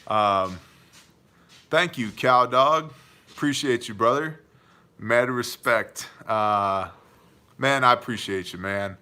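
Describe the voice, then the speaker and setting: A man with a bright, forceful voice hosts a casual livestream Q&A. He jokes around and keeps things chummy, calling viewers "brother" and "man". His talk is loose, with plenty of restarts. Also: medium pitch, slow, pauses often, clear, resonant tone. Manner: joking, chummy, addresses chatters as man and brother. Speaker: livestream host answering viewer questions. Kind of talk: casual live Q&A chat.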